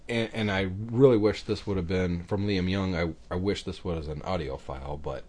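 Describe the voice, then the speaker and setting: A man's voice: low voice, moderate pace, darkish tone. A man hosting a podcast, talking in an easygoing, chatty way with lots of fillers and restarts. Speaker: podcast host. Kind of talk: casual chat.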